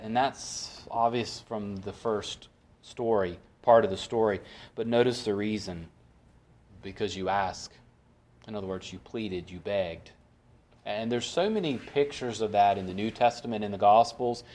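A man's voice: lowish voice, unhurried, darkish tone. A man teaching a Bible study in a conversational way, often asking his group questions and then answering them himself.

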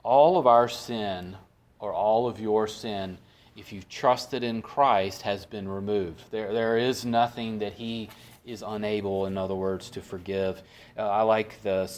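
A man's voice: on the low side, a little mellow. A man teaching a Bible study in a conversational way, often asking his group questions and then answering them himself.

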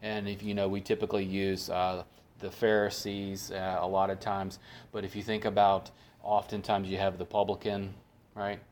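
Man, Bible study teacher, fairly low voice, conversational teaching, asks and answers his own questions. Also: completely flat delivery, normal speed, a little mellow. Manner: asks the group questions and answers them himself.

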